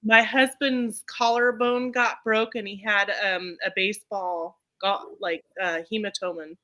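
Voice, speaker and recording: A woman's voice: mid-range voice, fairly even intonation, measured pace, sharp tone. A middle-aged woman co-hosting a live stream, chatting casually and rambling with lots of ums and restarts. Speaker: co-host of a live chat stream. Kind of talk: casual chat.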